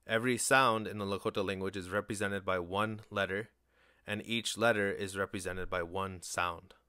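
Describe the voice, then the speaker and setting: A man teaching a language lesson in a fairly low voice, speaking slowly and deliberately. He sets each word apart as if listing vocabulary. The recording is dry, with no room sound. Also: fairly even intonation, pushed and bright, clear, resonant tone, no echo.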